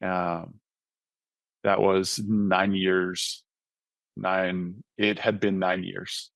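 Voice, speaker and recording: A man with a fairly low voice recounts his own life story as a podcast guest, earnest and conversational, often tossing in a quick "right?". The sound is dry and close, with no room echo. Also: little pitch movement, gravelly, fairly bright tone. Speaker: podcast guest, author and mentoring ministry founder. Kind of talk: personal testimony in casual conversation.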